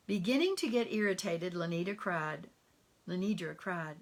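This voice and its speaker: A woman minister delivering a sermon, telling a story dramatically and dropping into hushed, whispered lines. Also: lowish voice, normal speed.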